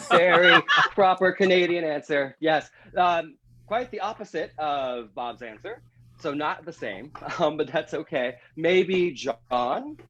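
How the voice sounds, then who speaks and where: Upbeat guy hosting a comedy game show, chuckles a lot, kinda high voice, slightly muffled lo-fi sound. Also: pushed and bright. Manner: chuckling, upbeat, reads questions slowly.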